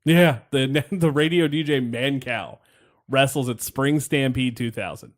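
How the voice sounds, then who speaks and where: A man with a mid-range voice talks a little slowly as he hosts a podcast. He rambles through a recap of a wrestling match in a casual, wry, laughing way, now and then letting a swear slip.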